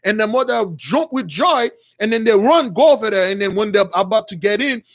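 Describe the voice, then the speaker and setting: A man's voice: high voice, animated, a little fast. A man retelling a religious story as a preacher, rambling with many restarts and calling his listeners brothers.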